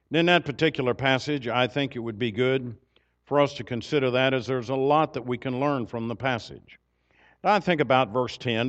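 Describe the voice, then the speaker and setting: A male preacher giving a sermon in a measured, deliberate way with long pauses. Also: mid-range voice, a bit bright, highs cut off.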